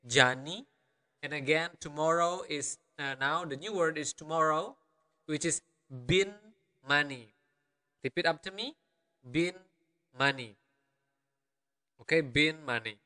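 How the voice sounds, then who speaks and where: A man's voice: fairly high pitch, bright, forceful tone, smooth, big-room sound. A man from Bali, a language teacher who speaks patiently and keeps checking in with the listener. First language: Balinese. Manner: patient, repetitive, checks in with "okay?". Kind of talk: language lesson narration.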